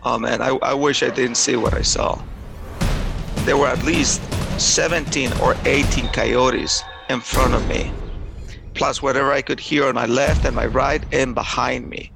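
A man's voice: mid-range voice, steady tone, a little slow, vocal fry, music in the background. A man giving an intense, earnest first-person testimony, retelling a harrowing experience in vivid detail. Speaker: storyteller recounting a personal experience.

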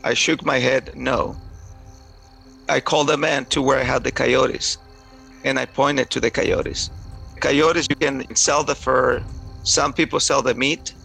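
A man telling a personal story aloud in a halting way, often repeating words and restarting. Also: medium pitch, steady tone, vocal fry, bright, forceful tone, breathy edge, soft background music, rough recording.

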